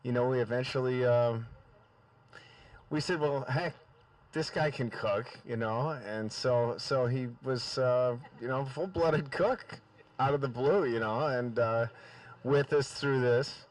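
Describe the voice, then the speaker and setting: Brief: man, slow and halting memorial speech, distant from the microphone. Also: medium pitch, no echo. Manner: hesitant, many fillers and restarts. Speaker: memorial speaker. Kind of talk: halting remembrance. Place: memorial gathering. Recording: far from the mic.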